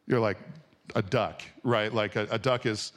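A man in his forties preaching a sermon to a congregation in a casual, conversational way, dropping from soft, slow words to loud bursts. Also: lowish voice, steady tone. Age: 40s. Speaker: pastor. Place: church or auditorium before a congregation.

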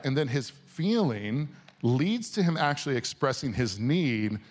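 A man in his forties preaching a sermon to a congregation in a casual, conversational way, dropping from soft, slow words to loud bursts. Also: medium pitch, very animated. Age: 40s. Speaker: pastor. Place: church or auditorium before a congregation.

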